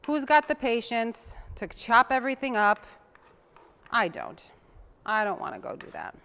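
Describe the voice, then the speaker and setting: A woman's voice: fairly high pitch, huge pitch swings, unhurried, fairly bright tone. A young woman hosting a TV cooking show, chatting in a homey way while she chops and mixes. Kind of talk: casual cooking demonstration.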